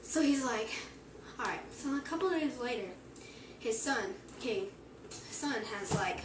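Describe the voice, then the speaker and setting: A woman's voice: on the high side, expressive, unhurried. Rambling teen girl telling a joke. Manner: rambling, heavy use of "like", acts out quoted voices. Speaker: joke teller. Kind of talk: casual storytelling among friends. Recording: echoey room, far from mic, noisy.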